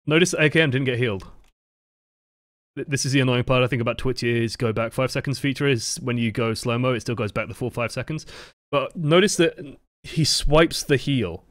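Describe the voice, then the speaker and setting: Over clean studio audio with no room sound, a man breaks down esports match footage live in a medium-pitched, slightly bright voice. He talks a little fast, swearing casually and leaning heavily on the word "like."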